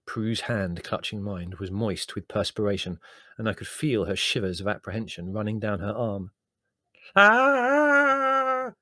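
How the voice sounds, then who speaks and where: A man's voice: fairly low pitch, fairly even intonation, normal speed, dry recording. A man reading a comic memoir aloud in a wry, dry and understated storytelling manner. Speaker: narrator.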